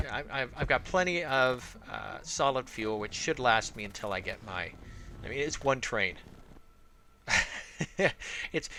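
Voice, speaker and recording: A man's voice: medium pitch, gravelly, bright, forceful tone, a little hiss or hum. A man from Arizona giving casual let's-play commentary, rambling and thinking aloud with many fillers. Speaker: gameplay commentator.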